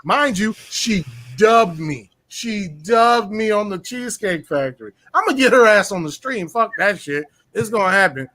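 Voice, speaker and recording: A man telling a rowdy personal story in casual chat, boastful and profane, full of slang and animated bragging. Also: sits high, normal speed, few pauses. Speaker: podcast guest telling a story.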